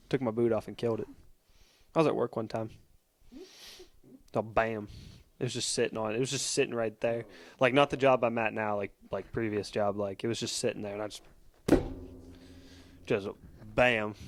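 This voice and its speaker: A young man co-hosting a podcast, telling a comedic story in an animated, rambling way. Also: fairly low pitch, normal speed, long pauses. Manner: animated, rambling, lots of fillers. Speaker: podcast co-host.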